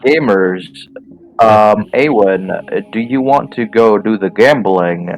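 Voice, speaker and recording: A man playing a tabletop game, teasing the others with quick asides. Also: on the low side, dull audio, faint music behind. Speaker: player. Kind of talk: casual tabletop game chat.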